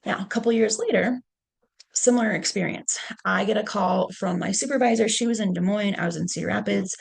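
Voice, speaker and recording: A middle-aged woman giving a leadership talk, telling stories from her career in a conversational way and often pausing on "okay". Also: mid-range voice, creaky, husky. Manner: conversational, punctuates points with "okay". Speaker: leadership speaker. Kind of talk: storytelling presentation.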